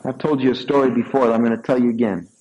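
A man's voice: medium pitch, rapid-fire, low-quality recording. An older man, a pastor, preaching a sermon, telling a personal story and driving points home with sudden emphatic peaks. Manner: storytelling, animated swings from soft asides to raised emphatic peaks. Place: church sanctuary.

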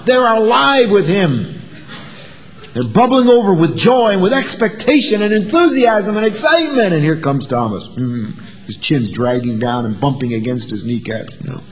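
A man's voice: sits high, in a large hall. A man preaching a sermon in a dramatic way, acting out the voices of the people in his story. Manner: dramatic, acts out voices of the disciples and doubters.

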